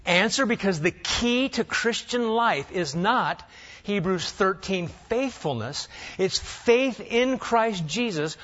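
A man's voice: a little high, a bit bright, lo-fi sound. An older man from Nebraska preaching a sermon, firing off rhetorical questions with dry humor. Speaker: pastor.

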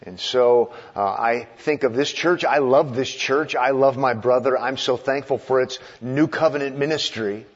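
Guest preacher, male, mid-pitched and a little husky, playful with the congregation, sermon from the podium. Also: moderate pace, few pauses, muffled recording. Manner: playful, teasing the congregation before turning earnest. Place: church, speaking from a podium.

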